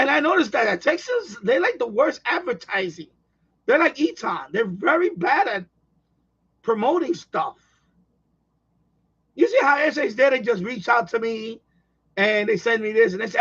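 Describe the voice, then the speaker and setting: A man hosting a radio hobby livestream, chatting casually with viewers in a rambling, excitable way with many restarts. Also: very high-pitched, unhurried, pauses often, slightly rough, lo-fi sound. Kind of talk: casual livestream chat reading viewer comments.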